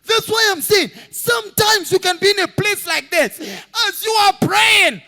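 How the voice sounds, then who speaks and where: High-pitched preaching man in a hall. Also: lively intonation, measured pace, vocal fry, soft background music. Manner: impassioned preaching, shouting and singing out phrases; acts out voices of people in stories. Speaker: pastor. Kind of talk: sermon.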